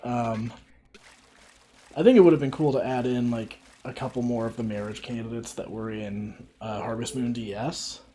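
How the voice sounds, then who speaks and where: A man's voice: mid-range voice, steady tone, normal speed, mellow, a little hiss or hum. A man streaming a farming game, rambling casually with many fillers and frequent laughs. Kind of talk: casual gameplay commentary.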